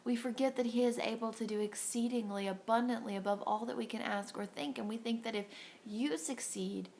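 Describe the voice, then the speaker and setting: A woman's voice: fairly high pitch, steady tone, a little fast, gravelly, a little mellow, slight background noise. A woman giving an earnest, encouraging devotional talk to women, acting out little voices as she goes. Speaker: devotional host.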